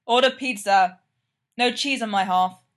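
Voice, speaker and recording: A woman's voice: on the high side, unhurried, natural voice. A woman reading aloud, voicing a blunt young man who swears casually and sounds weary in a fan fiction story. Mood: gruff.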